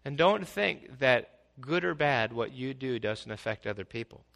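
A man preaching a sermon as pastor, swinging from quiet asides to loud, exclaiming passages. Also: mid-range voice, animated, moderate pace, vocal fry.

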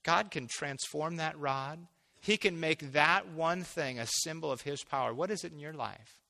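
A man preaching a conversational sermon, acting out imagined dialogue and building to loud, emphatic peaks. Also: on the high side, normal speed, vocal fry, in a large hall.

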